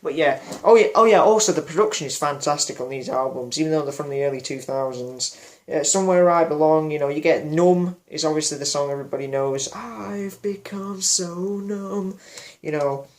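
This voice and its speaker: A man vlogging a loose personal reflection, his voice sitting a little higher than most men's. He rambles, circles back, and leans on fillers and restarts, apologising now and then for forgetting details. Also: fairly quick. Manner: apologetic about memory slips. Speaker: music vlogger.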